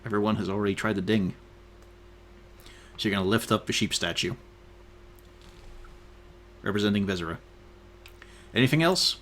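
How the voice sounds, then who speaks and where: A man's voice: lowish voice, normal speed, long pauses, a bit bright. A man narrating and refereeing a tabletop game in a casual, joking way. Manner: casual, swearing, laughing between calls. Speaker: dungeon master.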